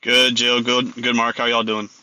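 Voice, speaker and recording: A Texan man in his thirties calls in to a radio show, speaking hesitantly and often repeating words over a lo-fi phone line. His medium-pitched voice is monotone, bright, forceful, and smooth, at a moderate pace with no echo.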